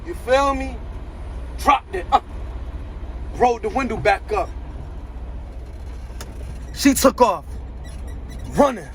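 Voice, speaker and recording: A man's voice: high-pitched, unhurried, long pauses, a bit bright, a little hiss or hum, low-quality recording. A man, a truck driver, telling a story to his viewers in casual slang, repeating phrases and speaking straight to them.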